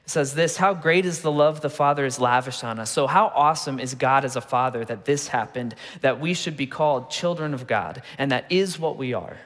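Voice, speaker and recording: A man in his thirties gives a Sunday sermon in an easygoing, storytelling manner, slipping in jokes as he goes. His voice sits at an average pitch. It carries the long reverb of a large church hall. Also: fairly quick, hardly any pauses, a bit bright. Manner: conversational storytelling with humor. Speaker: pastor. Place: church auditorium.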